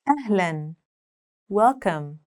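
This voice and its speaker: A woman giving a scripted language lesson, speaking clearly and deliberately, slowing down to say example words. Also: medium pitch, expressive, a little mellow. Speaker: language teacher.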